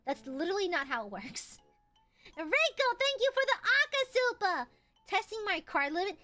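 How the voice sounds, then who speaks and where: A young woman streaming, chatting casually with her chat, swearing freely and squealing when excited. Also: extremely high pitch, moderate pace, soft background music.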